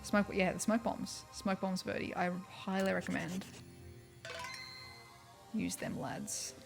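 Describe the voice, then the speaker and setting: A woman's voice: medium pitch, fairly even intonation, slow, gravelly, music in the background. A young Australian woman livestreaming a video game, rambling casually and filling her talk with "like" and "um". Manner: chatty and rambling, heavy on "like" and "um". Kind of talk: casual chat while playing a video game.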